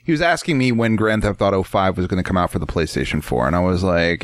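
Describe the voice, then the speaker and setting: A man's voice: low voice, fast, few pauses, dry recording. A man in casual chat, telling a rambling story with lots of swearing and laughter.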